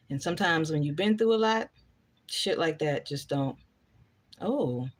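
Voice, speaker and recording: A woman's voice: sits low, slightly rough. A woman, chatting casually on a live stream, reading out viewer comments and answering them bluntly.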